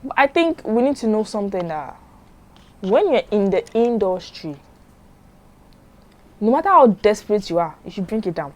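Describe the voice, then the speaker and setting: A woman's voice: medium pitch, sing-song, moderate pace, long pauses, darkish tone. A young woman, narrating a drama story in a chatty way and commenting on it as she goes.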